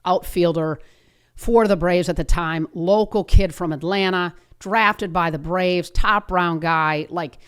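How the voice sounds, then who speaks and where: A woman's voice: fairly low pitch, slow pace, smooth. A woman hosting a podcast, telling a motivational story with energy and emphasis. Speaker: podcast host.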